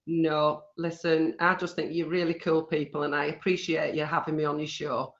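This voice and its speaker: A woman's voice: deep voice, little pitch movement, moderate pace. A British woman as a guest on a live-stream interview. She talks chattily and bluntly and laughs often. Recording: dull lo-fi stream audio.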